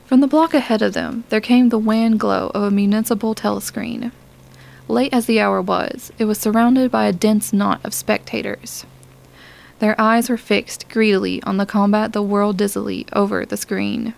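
A woman narrating a science fiction audiobook. Her delivery is calm and measured, with a mid-range voice and a noticeable gravelly texture. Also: medium pitch, rough recording.

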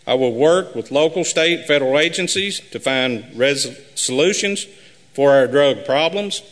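A man running for sheriff, reading a prepared campaign speech at a live forum in an earnest, measured way. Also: medium pitch, animated. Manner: earnest, measured, repetitive pledges. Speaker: sheriff candidate. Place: high school forum hall. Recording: live hall with long reverb.

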